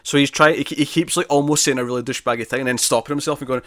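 A man's voice: medium pitch, steady tone, racing, a bit bright, no echo, studio quality. A man co-hosting a casual podcast chat, rambling through a story with many fillers and restarts. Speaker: podcast co-host reviewing comics.

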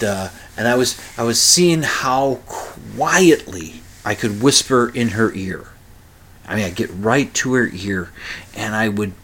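Middle-aged male podcast host, unhurried and rambling, casual solo talk with frequent fillers. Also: lowish voice, a bit bright. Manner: rambling, many uh fillers and restarts. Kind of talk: casual monologue.

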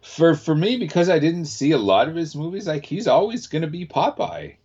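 A laid-back man co-hosting a casual podcast, his pitch rising and falling freely as he talks. He rambles in an easygoing way. The recording is muffled and lo-fi. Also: animated, moderate pace, a little mellow, breathy edge. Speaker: podcast co-host. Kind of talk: casual chat. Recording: dull, lo-fi recording.

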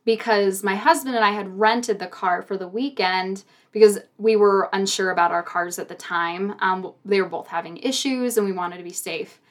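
A young woman recounts a story in a relaxed conversation, animated and often laughing between phrases. Her voice sits in a middle pitch, neither high nor low. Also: normal speed, few pauses. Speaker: guest telling a story. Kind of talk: casual storytelling on a podcast.

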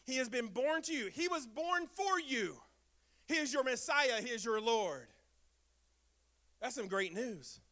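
A male pastor preaching a sermon in a church. He repeats his refrains with emphasis and swings between loud bursts and soft, low lines.

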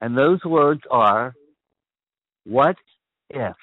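A man's voice: medium pitch, expressive, very slow, no echo. An older man hosting a call-in show, speaking ponderously and often restarting his phrases. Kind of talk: call-in radio chat. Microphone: phone. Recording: dry, phone-like line.

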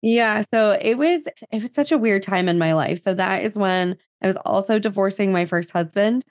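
A woman's voice: medium pitch, moderate pace, no echo, clean studio sound. A woman in her thirties from New Jersey, a podcast guest telling her story in casual chat full of fillers and quoted dialogue.

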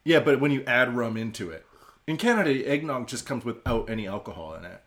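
Male podcast co-host, relaxed and conversational, middle pitch. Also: fast. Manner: relaxed, describes beer taste. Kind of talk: casual drinking chat.

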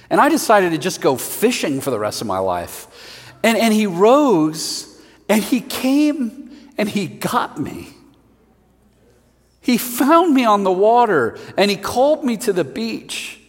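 The apostle Peter, as a preacher puts him on, tells his own story in awe and humility, his husky voice climbing high with feeling. It rings out with a long reverb, as though in a large hall. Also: slow, full character voice. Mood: awed. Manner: earnest first-person retelling, excitable. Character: apostle Peter, grown man, awed and humbled.

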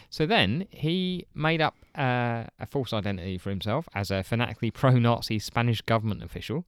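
A man's voice: medium pitch, animated, fairly quick, hardly any pauses, clean tone, no echo. A man co-hosts a podcast, spinning a story in a loose, amused way and chuckling between phrases. His voice swings up and down a lot. The sound is dry and close. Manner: rambling, amused, laughs while telling. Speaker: podcast co-host. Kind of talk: casual storytelling chat.

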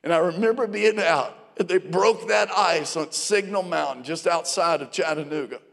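A man's voice: on the high side, normal speed, vocal fry. A man in his fifties preaching a sermon, telling a personal story and calling out to the congregation. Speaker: pastor. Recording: long reverb of a large hall.

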